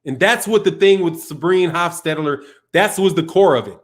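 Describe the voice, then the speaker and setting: A man with a high-pitched voice chats loosely on a live stream, rambling from thought to thought. He drops slang like dog and man, restarts his sentences, and reacts to comments as he reads them. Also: normal speed. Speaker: boxing channel host. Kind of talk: casual livestream chat.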